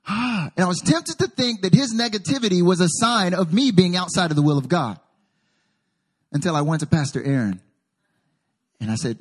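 A man pastor delivers an animated sermon, calling out to the congregation and slipping into storytelling. His voice sits high for a man and has a husky, breathy grain. His loudness swings widely from hushed asides to full-throated emphasis. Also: moderate pace, long pauses. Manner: animated preaching with call-and-response.

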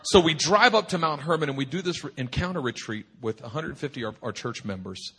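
A man preaching at a church retreat, telling a humorous personal story in an animated, rambling way full of restarts. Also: fairly high pitch, fairly quick, breathy edge. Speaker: pastor. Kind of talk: sermon storytelling. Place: retreat meeting hall.

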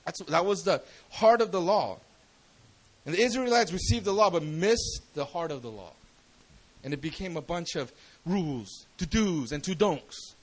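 A man's voice: sits high, animated, normal speed, fairly bright tone, poor audio. A man preaching a sermon in a casual, slangy way, often asking the congregation questions.

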